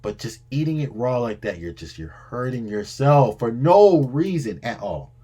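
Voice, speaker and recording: A husky man hosts a reaction video in an exasperated, scolding tone. His pitch leaps around with lively swings. He repeats lines and trips over his own words as he lectures. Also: moderate pace. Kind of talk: animated reaction commentary.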